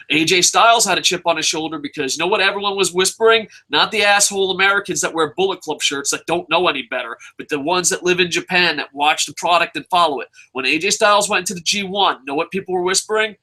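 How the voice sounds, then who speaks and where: A man's voice: high voice, fast, pushed and bright, poor audio. A man hosting a solo podcast, giving heated, profane opinions and repeating phrases for emphasis. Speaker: podcast host reviewing wrestling.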